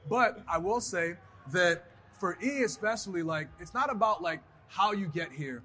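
Man, high bright voice, animated interview guest who slips into voices mid-story. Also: normal speed, husky. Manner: animated, acts out voices in his stories. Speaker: guest, pro wrestler.

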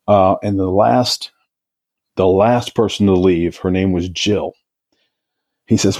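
A man's voice: deep voice, steady tone, a little slow, darkish tone. A man who worked as a hostage negotiator recounts a case in an interview, vividly and with frequent restarts. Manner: vivid retelling, with repeated restarts. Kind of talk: storytelling in an interview.

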